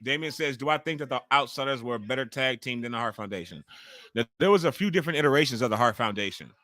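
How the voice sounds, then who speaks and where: Brief: bright, dry-sounding man in his forties, livestream host, excitable and cursing, talks over the action. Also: medium pitch, quick pace, no echo. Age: 40s. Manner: loud, profane and excitable, reacting to the action. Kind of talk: live commentary while watching wrestling.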